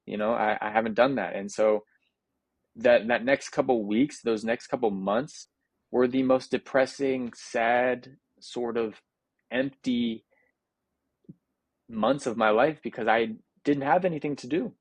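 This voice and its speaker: In a casual interview, a young Paralympic athlete from the United States reflects earnestly, frequently restarting and filling pauses. His mid-range voice moves a little slowly, and there's no room sound.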